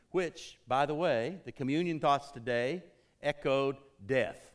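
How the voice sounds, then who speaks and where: A man preaching a sermon to his congregation, emphatic, rising to urgent peaks and dropping low, calling out for responses. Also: slow pace. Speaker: pastor.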